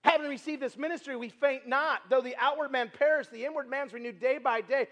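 A man preaching a sermon as a traveling evangelist, telling a personal story in a conversational, animated way with filler words and loud emphatic moments. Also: very high-pitched, brisk, highs cut off. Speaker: itinerant preacher. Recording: long reverb from a large hall.

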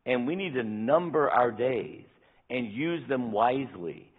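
A pastor in his sixties preaching a sermon, earnest and emphatic, slowing down when he reads scripture. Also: mid-range voice, animated, breathy edge. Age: 60s. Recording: tinny phone-like sound.

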